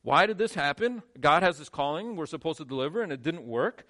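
A male pastor preaching a sermon, shifting between quiet, low lines and emphatic, rising ones. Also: expressive, fairly quick.

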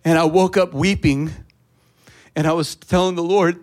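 A man preaching a sermon, telling a personal story in a casual, conversational way that builds to loud, fervent preaching. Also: a little high, steady tone, normal speed. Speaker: pastor.

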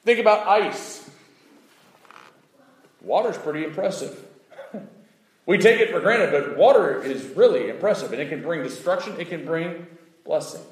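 Animated preacher man, high lively voice. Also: normal speed, pauses often, roomy sound, rough recording. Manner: animated, acts out voices, swings from loud to hushed. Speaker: pastor. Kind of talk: sermon.

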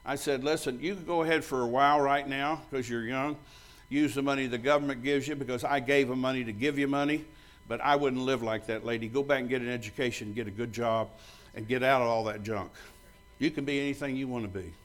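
This is a sermon from an older pastor whose middle-pitched voice stays steady while moving fairly quickly. He recounts stories bluntly, acting out both sides of earlier exchanges, and grows loud and bold whenever he jokes with the congregation.

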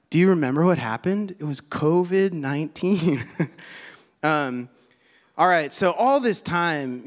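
A man with a slightly high voice preaches a sermon to his church. He talks in an easy, conversational way, full of fillers and asides to the people in front of him.

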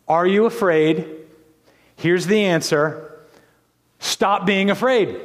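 A man preaches a sermon, taking his time over each phrase. He swings from hushed whispers up to loud, emphatic lines and keeps asking the congregation rhetorical questions. His voice rings with a long reverb through a church sanctuary. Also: high-pitched, slow pace, pauses often. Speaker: pastor.

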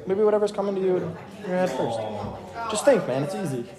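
A young man teaching a youth group from the Bible in a casual, energetic way, often checking in with his listeners. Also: high-pitched, fast, a loud crowd. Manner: energetic, checks in with "okay?" constantly.

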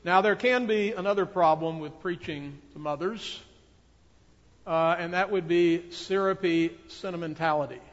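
A man preaches a sermon with an earnest, measured delivery, his voice pitched a little high. His words ring out with a long reverb, as in a large sanctuary. The recording itself sounds somewhat dull and muffled. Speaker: pastor.

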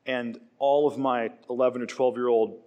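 A man preaching a sermon, telling stories in an animated way and acting out quoted lines. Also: mid-range voice, normal speed, muffled recording. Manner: animated storytelling with acted quotes. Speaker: pastor.

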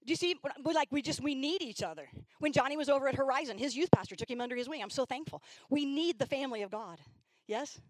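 A high-voiced middle-aged woman speaks fast with hardly any pauses, in a low-quality recording with no echo. She's giving a sermon at church, animatedly telling stories and often acting out the voices of young girls.

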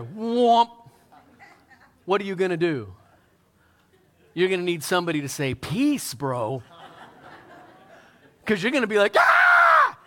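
A man preaching a sermon as pastor, telling the story in an animated, conversational way and acting out the scenes. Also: sits high.

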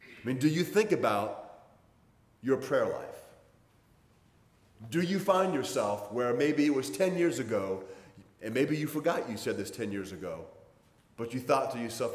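A man's voice: medium pitch, expressive, unhurried, pauses often. A man in his sixties, a pastor giving a conversational sermon in a folksy, plainspoken storytelling manner. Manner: folksy, storytelling, plainspoken with many hedging fillers. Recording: roomy sound with long hall reverb.

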